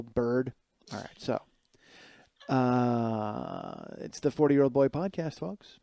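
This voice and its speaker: Late at night in a friend's kitchen, a man in his forties hosts a comedy podcast, delivering a rambling, profane monologue and often mocking people in put-on voices. His medium-pitched voice swings widely, moves slowly, and sounds creaky and dark. The recording is dry.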